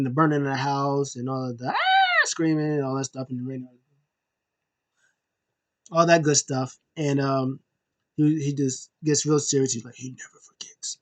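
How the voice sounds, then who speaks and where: Loose recap host, mid-pitched, rambly with fillers, jumps into quick put-on voices for quotes. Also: level tone. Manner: rambling, many fillers and restarts. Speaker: show host. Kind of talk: casual wrestling recap.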